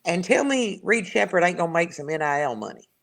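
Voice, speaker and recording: A woman's voice: fairly low pitch, animated, fairly quick, gravelly. Chatty woman telling stories. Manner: chatty storyteller who laughs often. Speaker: guest. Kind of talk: casual sports chat.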